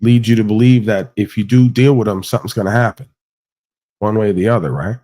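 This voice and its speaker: A man's voice: lowish voice, quick pace, mellow. A man hosting a livestream panel, ranting bluntly with lots of swearing and acting out quoted exchanges. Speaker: podcast host. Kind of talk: casual livestream rant.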